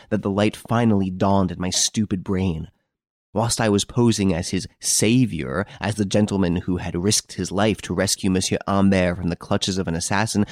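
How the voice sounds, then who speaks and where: A man voicing a proud, indignant gentleman thief. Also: deep voice, no room sound, clean studio sound, close to an everyday voice. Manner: indignant, mocking outbursts. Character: proud, irritable middle-aged gentleman thief. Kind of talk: audiobook character reading.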